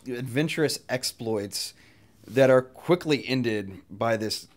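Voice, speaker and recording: A man's voice: medium pitch, slow pace. A young man co-hosting a casual movie review podcast, earnest and often searching for his words. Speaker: podcast co-host.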